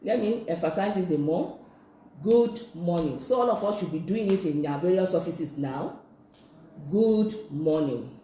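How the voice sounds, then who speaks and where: A sign language instructor, teaching slowly and patiently in a live-streamed lesson, repeating each phrase many times. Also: mid-range voice, mellow, a little hiss or hum. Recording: echoey room.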